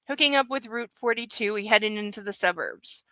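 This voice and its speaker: A woman's voice: medium pitch, moderate pace, bright, forceful tone, no room sound, rough recording. A young woman reading a novel aloud for a book club, with casual chatty asides between passages.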